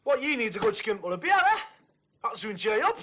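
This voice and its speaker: A mouthy builder. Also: male voice, high voice, big pitch swings, fairly quick, bright, forceful tone, slight background noise, heavily acted. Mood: blunt banter. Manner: blunt, mocking. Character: mouthy beer-loving northern builder.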